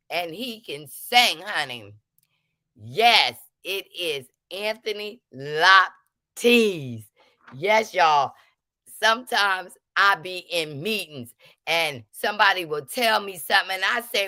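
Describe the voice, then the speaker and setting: Brief: woman hosting a movie quiz stream, lower pitch, slow drawling pace, very lively and bright. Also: no echo, studio quality. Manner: animated, laughing, drawn-out speech. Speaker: livestream host running a movie quiz. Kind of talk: casual livestream chat.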